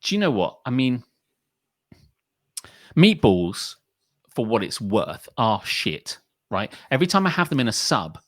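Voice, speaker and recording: A man's voice: medium pitch, a little slow, long pauses, dry recording. Podcast guy on a sweary comic rant, voice bouncing all over, dry close sound. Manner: animated, sweary, comic rants. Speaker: podcast co-host. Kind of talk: casual ranting chat.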